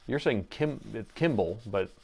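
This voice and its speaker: A middle-aged man hosting a live repair stream, talking to his chat as he works. He is playful and excitable, jumping from the task at hand to banter with the viewers. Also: fairly low pitch, measured pace, creaky, breathy edge. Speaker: host and laptop repair technician.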